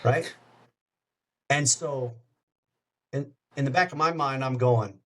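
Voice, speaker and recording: A middle-aged man with a radio background tells a story in a relaxed way. His voice sits at an ordinary pitch, and he slips into the people he quotes as he goes. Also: takes it slowly, long pauses, rough recording. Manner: animated anecdote-teller, acts out quoted voices. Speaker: radio host, podcast guest. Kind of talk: casual storytelling.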